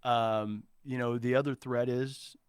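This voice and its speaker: Casting: forties man, clear smooth voice, dry close mic, earnest advisor who restarts a lot. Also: mid-range voice, fairly even intonation, measured pace, dry recording. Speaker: interview guest, entrepreneur. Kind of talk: casual interview talk.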